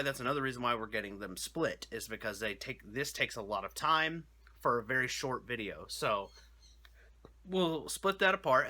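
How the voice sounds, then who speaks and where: A man's voice: medium pitch, bright, forceful tone. A young adult man hosting his own channel, talking casually to his viewers in a rambling, jokey way with lots of restarts and "you know". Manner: rambling, self-correcting, chatty with frequent "you know". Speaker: YouTube channel host. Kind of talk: casual talk to camera.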